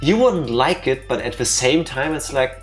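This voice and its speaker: Very low-voiced woman joking through a game. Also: expressive, soft background music. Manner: joking, quick asides, laughs often. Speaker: let's play co-host. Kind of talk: casual gaming commentary.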